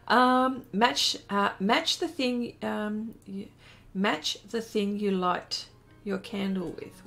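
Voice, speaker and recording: A woman's voice: medium pitch, a bit bright. A woman chatting casually on a live art stream, reading viewer comments aloud and exclaiming often.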